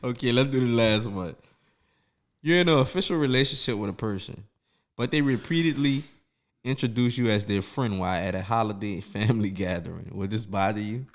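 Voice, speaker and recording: A man in his twenties hosting a podcast, chatting casually and teasing his guest with quick questions. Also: fairly low pitch. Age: 20s. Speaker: podcast host.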